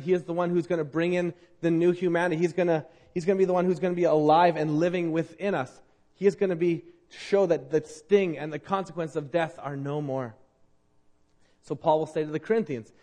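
A man preaching a sermon, moving between loud emphatic declarations and quiet earnest appeals to the congregation. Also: fairly high pitch, fairly even intonation, brisk. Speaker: pastor.

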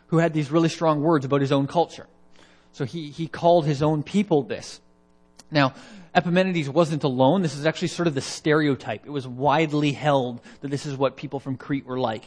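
A man's voice: on the high side, darkish tone. A man preaching an expository sermon in an earnest way, often restarting and repeating words.

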